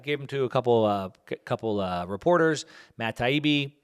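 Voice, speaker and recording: A man's voice: medium pitch, animated, normal speed, clean tone. A man hosting a podcast, talking off the cuff in a rambling way, with many fillers and restarts. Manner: plugs his own book. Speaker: podcast host. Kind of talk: casual podcast monologue.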